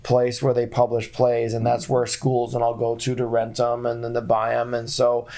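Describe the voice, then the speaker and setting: A man's voice: mid-range voice, monotone, normal speed, mellow. A man talking casually as a podcast guest, rambling through a story and laughing often. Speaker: guest, founder of a video company.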